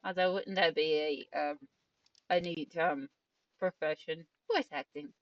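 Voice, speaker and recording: A woman's voice: sits low, measured pace, no echo. A young woman streaming a game, chatting casually in an apologetic, rambling way into a headset mic. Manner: apologetic, self-conscious, rambling. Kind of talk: casual gameplay chat. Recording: dull, distant, dry, game music behind.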